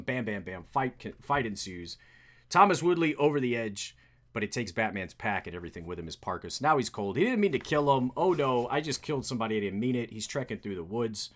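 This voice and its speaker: A man casually recapping a comic book, rambling and animated with many restarts. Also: mid-range voice. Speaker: comic book reader, streamer.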